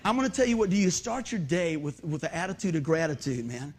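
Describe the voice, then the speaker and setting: High-voiced, animated pastor. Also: male voice, fast talker. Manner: animated storytelling, loud shouted bursts. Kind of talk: sermon. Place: church sanctuary.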